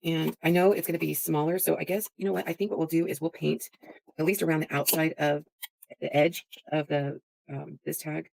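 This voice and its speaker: Creaky-voiced woman crafting vlogger. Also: low-pitched, steady tone, a little fast, a little mellow, no room sound. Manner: chatty, talks through each step with filler words. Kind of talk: casual crafting tutorial.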